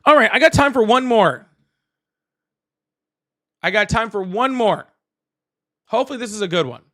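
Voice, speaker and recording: A man hosting a live call-in political stream, animated, laughing often and thanking viewers. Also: sits high, moderate pace. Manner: apologetic, excitable. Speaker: livestream host.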